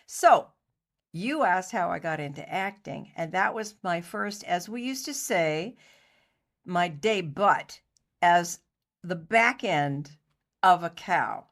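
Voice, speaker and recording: A middle-aged woman, a guest on an interview show, telling a story in a lively, chatty way and acting out other people's lines. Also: lowish voice, takes it slowly. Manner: animated anecdote teller, acts out other people's lines. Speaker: interview guest, costumer and actor.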